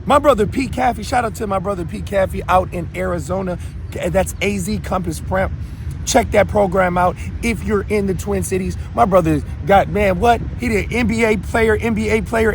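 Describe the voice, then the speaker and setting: A man's voice: sits high, slight background noise. A man in his thirties from Minneapolis, hosting his own show in a brash, confrontational unscripted monologue with stammering restarts. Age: 30s. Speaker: show host.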